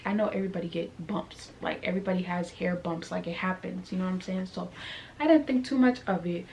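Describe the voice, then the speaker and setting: A woman's voice: mid-range voice, slight background noise. Chatty young woman telling a storytime. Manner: chatty and animated, heavy on fillers like "like" and "you know what I'm saying". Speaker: vlogger. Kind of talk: casual storytime.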